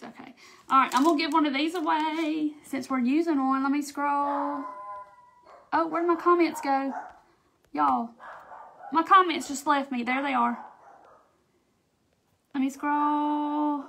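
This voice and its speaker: Southern woman, middle-aged, high voice, chatty live-stream crafter who thanks viewers. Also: gravelly, fairly bright tone, slight background noise. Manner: chatty, reads out and thanks viewers' comments while working. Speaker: craft livestream host. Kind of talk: casual live crafting chat.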